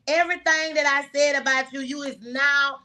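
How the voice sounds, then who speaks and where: A woman's voice: high voice, steady tone, normal speed, bright, forceful tone. A woman comedian on a video call, handing out joke awards with teasing, giggly, bawdy banter. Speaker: comedian panelist.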